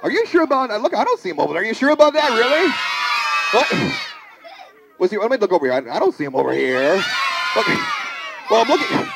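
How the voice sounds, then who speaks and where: Animated puppeteer leading a children's audience. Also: medium pitch, fast, gravelly, long pauses, a loud crowd, very noisy. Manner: animated, calls on the audience to join in. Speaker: puppeteer playing the zookeeper. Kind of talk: live children's puppet show. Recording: live show with audience and music.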